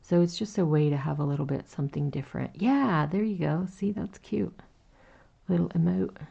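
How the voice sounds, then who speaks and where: A woman in her forties hosts a crochet livestream, talking in a slow, gentle, chatty way with lots of little fillers as she reads out the chat. Her voice is very low, gravelly and raspy, with a warm, dark tone. The stream audio sounds dull and lo-fi. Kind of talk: casual chat while crocheting.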